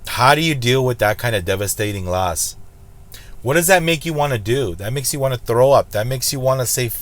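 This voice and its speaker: A man's voice: medium pitch, lively intonation, normal speed. A man talks casually to his viewers about gambling. He is blunt and preachy and says the same warning over and over to make it stick. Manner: blunt, preachy, emphatic repetition. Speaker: slots channel host. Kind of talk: casual vlog commentary.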